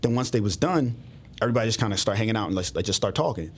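A man, a former police officer, telling his story as a guest in a casual, profane, animated way. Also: on the low side, very fast, slightly rough. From Southwest Philadelphia. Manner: profane, animated retelling with acted-out dialogue.

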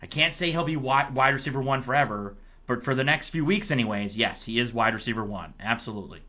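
A man hosting a casual sports podcast, his voice hoarse, telling rambling, excitable stories. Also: medium pitch, fast, lo-fi sound. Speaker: podcast host.

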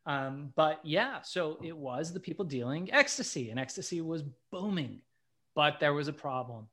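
A middle-aged man, appearing as an interview guest, tells a story casually and animatedly, acting out the lines he quotes. His voice sits on the high side, and he speaks at normal speed.

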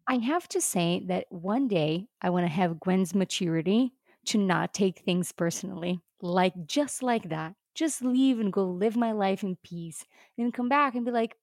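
A woman's voice: medium pitch, unhurried, no room sound, studio quality. A woman co-hosting a casual podcast, thinking aloud and stressing her reactions to an episode. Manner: animated, emphatic, thinks aloud. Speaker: podcast co-host. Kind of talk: casual rewatch chat.

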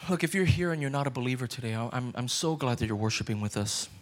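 A man's voice: medium pitch, animated, fast. A man, a pastor, preaching a sermon in an earnest way and putting questions straight to his listeners.

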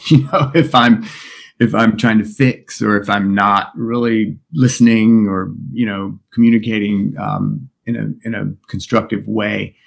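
A middle-aged man speaking as a podcast guest, talking candidly and reflectively, often pausing and restarting. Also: lowish voice, steady tone, creaky. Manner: reflective, open, halting with many restarts. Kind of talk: candid interview conversation.

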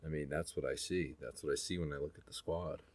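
A man's voice: a bass voice, steady tone, quick pace, darkish tone. A man ranting as a sports fan on a podcast, salty and exasperated. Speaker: podcast co-host.

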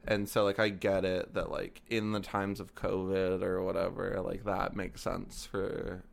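A man's voice: sits low, completely flat delivery, a little slow, vocal fry. A young man co-hosting a podcast in casual chat, rambling and hesitant with lots of filler words. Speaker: podcast co-host.

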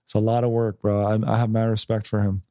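A man's voice: fairly low pitch, level tone, fast talker, mellow, no room sound, clean studio sound. A comedian in his thirties, tired from little sleep, chatting casually and rambling with lots of restarts and "bro" and "dude". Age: 30s. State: tired, yawning. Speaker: stand-up comedian. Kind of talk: casual podcast chat.

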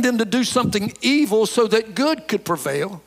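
A man's voice: sits high, very animated, normal speed. A man preaching a sermon, folksy and emphatic as he tells a story. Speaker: pastor. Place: church sanctuary. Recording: long hall reverb.

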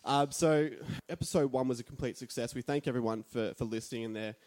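A man's voice: medium pitch, fast, a little mellow. A young man with an Australian accent and a nasal voice, hosting a casual podcast from a share house and telling rambling, self-mocking stories. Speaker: podcast host.

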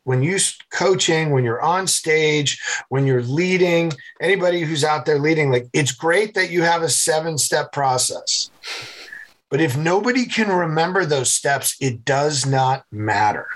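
On a rough recording, a man with a fairly high, somewhat slow voice recounts vivid tales for a podcast interview. Once a Navy SEAL and now a keynote speaker, he tells them energetically and performs the different voices.

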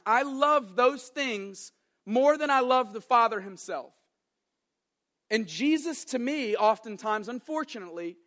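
A young adult man preaching a sermon as an animated, joking storyteller. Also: very high voice. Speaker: pastor.

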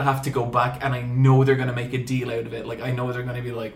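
A young man hosts a podcast and spins an animated comic story, swearing freely as he goes. His voice sits at an ordinary middle pitch. The room is noticeably echoey. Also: fast, creaky, few pauses. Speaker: podcast host. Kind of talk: casual storytelling chat.

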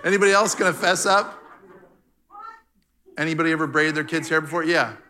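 Bright, playful church speaker man. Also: a little high, brisk, slight background noise. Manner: playful, teasing the audience. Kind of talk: Father's Day church talk with crowd banter. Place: church hall.

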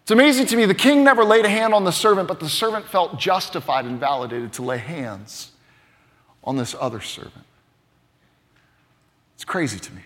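Male pastor, earnest and emphatic, high-pitched, preaching in a reverberant sanctuary. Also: expressive, normal speed, pauses often. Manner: earnest, emphatic, swings between loud and hushed. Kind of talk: sermon.

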